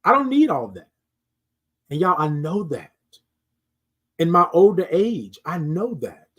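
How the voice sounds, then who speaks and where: A middle-aged man hosts a morning live show, preaching self-worth in a repetitive, sermon-like motivational style and greeting people in the chat. His voice is on the high side, very animated, slightly rough and measured in pace.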